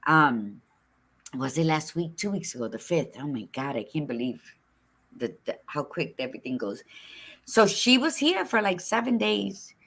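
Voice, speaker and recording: A middle-aged woman co-hosting a casual talk show, chatting in an expressive, frank and folksy way, with Spanish words mixed in. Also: sits low, moderate pace, creaky, husky. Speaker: podcast co-host. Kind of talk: casual chat.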